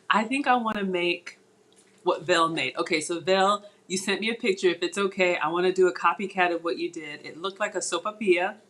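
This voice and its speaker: A woman's fairly low, slightly bright voice carries her live cooking stream from her home kitchen. She chats with viewers and reads their comments as she cooks, recorded by a tablet on the counter.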